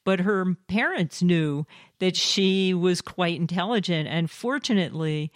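A woman's voice: low-pitched, no echo, clean studio sound. A woman co-hosting a show, telling stories and reading listener submissions in a matter-of-fact way. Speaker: co-host.

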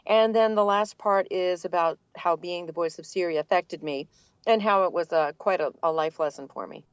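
Low-voiced older woman, dull dry sound. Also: moderate pace, clean tone, no echo. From Boston area, USA. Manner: relaxed, articulate storytelling with light laughs. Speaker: guest, voice actor. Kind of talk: casual interview answers.

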